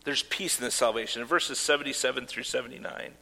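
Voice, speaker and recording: A man's voice: mid-range voice, quick pace, vocal fry, bright, forceful tone. A man preaching a sermon as pastor, earnest, with casual asides and fillers. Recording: long hall reverb.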